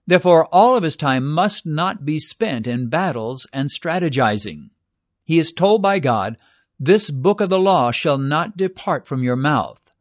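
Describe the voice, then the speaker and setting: An older man preaching in a measured, earnest tone, giving a devotional Bible teaching. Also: mid-range voice, no room sound, studio quality.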